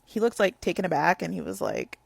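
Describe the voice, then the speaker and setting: A woman's voice: on the low side, big pitch swings, brisk, creaky, slightly rough, no echo. A young woman telling a casual storytime, rambling with lots of "like" fillers.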